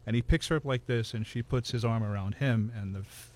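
A man telling local ghost stories in a relaxed, measured way, matter-of-fact about the details. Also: mid-range voice. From Hawaii. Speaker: ghost storyteller guest. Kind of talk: casual ghost storytelling.

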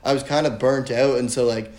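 A man's voice: mid-range voice, steady tone, fairly quick, a little mellow. A young man telling a story in casual podcast chat, rambling with lots of filler words and swearing. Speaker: guest. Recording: roomy echo.

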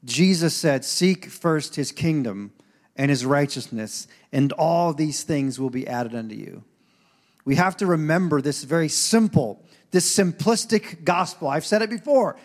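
A man's voice: on the high side, animated, measured pace. A male pastor giving a casual, joking sermon in church, acting out quoted voices. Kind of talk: conversational sermon. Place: church sanctuary. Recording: long hall reverb.

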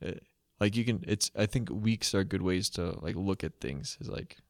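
A man's voice: low-pitched, lively intonation, moderate pace, no echo, studio quality. A young man co-hosting a podcast, talking casually in a thoughtful, hesitant way as he searches for words. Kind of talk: casual conversational chat.

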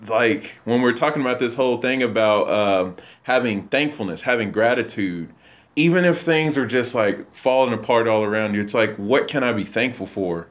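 A man's voice: mid-range voice, moderate pace, dull audio. A man explaining word meanings in a casual faith discussion, talking with an easy, explaining tone. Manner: animated storytelling, acts out quotes.

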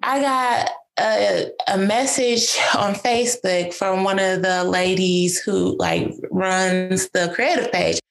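Woman telling her story all emotional, says like a lot, bit of vocal fry, mid pitch. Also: steady tone, slow, few pauses. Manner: emotional, rambling, heavy use of "like". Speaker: guest sharing an answered-prayer story. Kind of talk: casual spoken storytelling.

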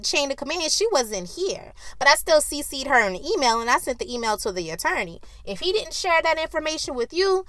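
A woman hosting a solo podcast, telling a story in a heated, profane way and acting out arguments loudly. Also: fairly high pitch, no echo. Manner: acts out quoted arguments loudly. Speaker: podcast host.

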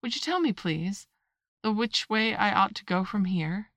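A woman's voice: medium pitch, animated, a little slow, no room sound. A woman voicing a polite, earnest young girl in a storybook reading, prim and proper. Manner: prim and proper, a touch brighter than the narration.

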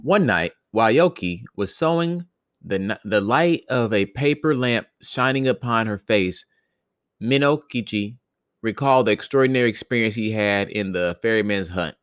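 Guy reading a spooky folktale on his podcast, lowish voice, trips over words, dry room. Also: lively intonation, normal speed, a bit bright, clear, resonant tone, no room sound. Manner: stumbling, self-correcting reading, then slangy joking retelling. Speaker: podcast host reading stories. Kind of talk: casual storybook reading with commentary.

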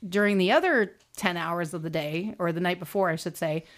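A middle-aged American woman telling a long story in casual chat, animated and quoting people in raised voices. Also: on the low side, fairly quick. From United States.

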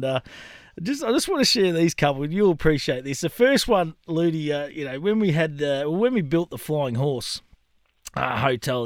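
A middle-aged Australian man telling funny stories in a casual chat, animated and quick to laugh. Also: medium pitch, no room sound, studio quality. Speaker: podcast co-host.

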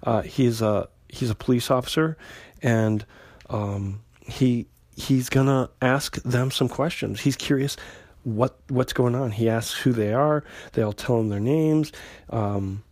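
A man talks through a comic book story in loose, easygoing chat, stopping and restarting his sentences as he goes. His voice sits at a medium pitch and sounds dry and close, with no room around it. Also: unhurried, darkish tone, no echo. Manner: conversational, lots of fillers and restarts, paraphrases characters loosely. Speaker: comic book podcast host. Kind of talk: casual comic recap.

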